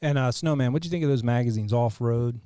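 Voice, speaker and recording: A man's voice: mid-range voice, quick pace, mellow, clear, resonant tone, dry recording, clean studio sound. A man co-hosting a casual movie-review podcast who agrees readily and drops in short affirmations. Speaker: podcast co-host.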